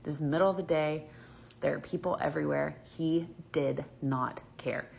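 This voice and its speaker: An Alabama mom spins a casual tale about her kids, emphatic and heated, with "like" in nearly every phrase. Her low, creaky voice has a darkish tone, fairly even intonation and normal pacing, and there's a faint hiss or hum.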